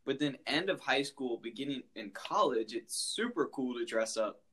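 A man's voice: mid-range voice, expressive, moderate pace, a bit bright, slight background noise. A young man co-hosting a podcast, chatting casually and rambling with lots of "like". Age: young adult. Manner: rambling, says "like" a lot. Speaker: podcast co-host. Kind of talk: casual chat.

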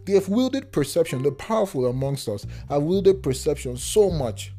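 Man ranting on his podcast, mellow tone. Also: a little high, moderate pace, hardly any pauses, soft background music. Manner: heated ranting that drops into calm murmurs; casual slang-heavy talk with filler restarts. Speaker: podcast host. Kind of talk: solo podcast rant.

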